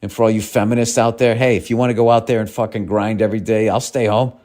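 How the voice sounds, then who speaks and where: A man's voice: on the low side, level tone, quick pace, mellow. Profane, ranting man hosting a podcast. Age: 50s. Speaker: podcast host. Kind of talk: casual monologue reading listener mail.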